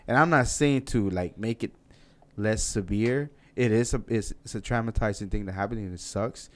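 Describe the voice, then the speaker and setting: A man's voice: fairly low pitch, moderate pace. A man hosting a casual podcast interview, laid-back and encouraging, laughing easily. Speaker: podcast host.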